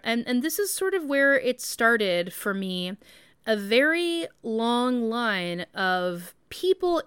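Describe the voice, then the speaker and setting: A woman's voice: on the high side, a bit bright, clean tone, dry recording. A woman in her thirties hosting a podcast, talking in a chatty, rambling way full of "like" and "um". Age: 30s. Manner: chatty, rambling, many "like" and "um" fillers. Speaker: podcast host. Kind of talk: casual podcast monologue.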